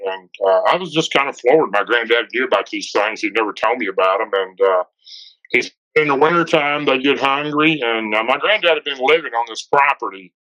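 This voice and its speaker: A man's voice: medium pitch, lively intonation, brisk, bright, forceful tone. A middle-aged man with a Tennessee Southern accent, casually telling a story with lots of "and, uh" fillers. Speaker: guest telling an encounter story. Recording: dull lo-fi podcast audio.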